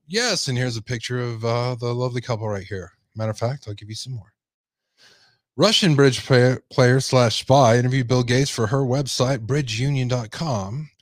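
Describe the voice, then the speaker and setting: Reading news stories aloud on his podcast, a man keeps breaking off for his own sarcastic comments. His voice sits at an ordinary middle pitch, recorded dry and close with no room sound or echo.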